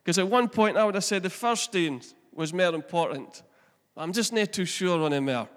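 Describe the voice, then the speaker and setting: A man's voice: high voice, lively intonation, moderate pace, big-room sound. A middle-aged man, preaching a chatty sermon that asks the congregation questions and mixes in family stories. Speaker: pastor. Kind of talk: conversational sermon.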